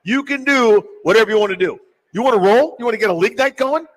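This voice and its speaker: A man hosting sports talk radio, animated and jokey in casual talk. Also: very high voice, fast talker, low-quality recording.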